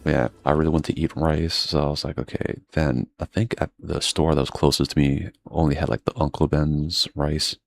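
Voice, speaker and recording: Very deep, gravelly man rambling casually. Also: little pitch movement, brisk, few pauses. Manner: meandering, laid-back, swears freely. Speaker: gaming streamer. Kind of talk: casual rambling chat while playing.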